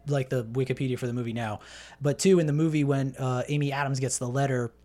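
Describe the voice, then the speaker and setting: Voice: medium pitch, fairly even intonation, quick pace, mellow. A podcast host chatting casually about a film, laid-back and opinionated, with frequent ums.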